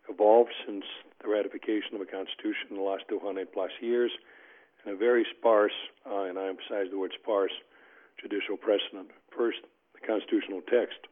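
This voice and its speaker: A man presenting a legal argument as a panelist, emphatic and peppered with uh and um fillers. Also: lowish voice. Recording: tinny phone-like line.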